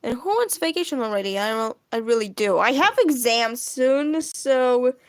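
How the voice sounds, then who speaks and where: A woman's voice: a little high, dry recording. A young woman, a native Russian speaker with a Russian accent, chatting casually on a stream and reading out chat questions.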